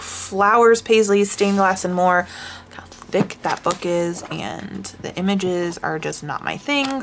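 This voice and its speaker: Rambling woman with a gravelly voice. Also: medium pitch, background noise. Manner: rambling, self-deprecating, with sighs and hushed asides. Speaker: craft vlogger. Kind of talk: casual chat showing coloring books.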